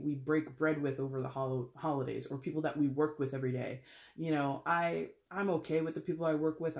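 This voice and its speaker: A man's voice: on the high side, a little mellow. A man giving a casual tarot reading, talking in a chatty, blunt, wry way with lots of fillers. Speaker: tarot reader. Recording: roomy echo.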